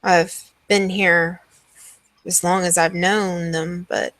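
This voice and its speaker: A woman's voice: on the low side, flat delivery, takes it slowly, a bit bright, no room sound. A woman voicing a worried young nobleman who stammers anxiously.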